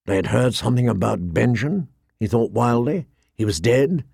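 A man narrating a fantasy audiobook in a steady, measured way. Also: medium pitch, creaky, husky, no room sound, studio quality.

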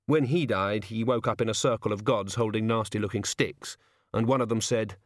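A man narrating an audiobook in a measured, dry storytelling manner, close to the mic. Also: lowish voice, no room sound. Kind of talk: scripted narration.

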